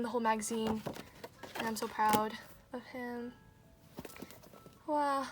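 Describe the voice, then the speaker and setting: A woman's voice: fairly high pitch, slight background noise. A woman chatting casually through an unboxing, gushing with frequent gasps and squeals. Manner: gushing, gasping and squealing often. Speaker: unboxing vlogger. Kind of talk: excited casual unboxing chat.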